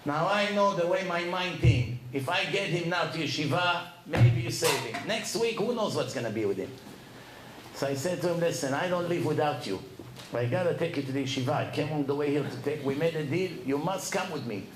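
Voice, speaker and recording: A rabbi telling personal stories in a lecture, acting out the dialogue. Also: male voice, fairly quick, reverberant, a little hiss or hum, poor audio. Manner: animated, acts out dialogue with rising pitch. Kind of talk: storytelling lecture.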